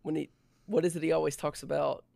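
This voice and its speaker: A man's voice: on the high side, little pitch movement, quick pace, creaky, mellow, dry recording. A man co-hosting a casual podcast, delivering mock-serious, ranting opinions. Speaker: podcast co-host.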